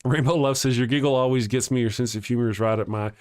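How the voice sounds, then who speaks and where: A man at an ordinary middle pitch chats loosely on a livestream, reading out viewer comments and cracking jokes. He laughs often and trips over his own sentences, starting again as he goes. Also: fairly even intonation, quick pace, darkish tone. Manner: joking, laughs often, rambling with restarts. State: has a headache. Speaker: host of an atheist morning show.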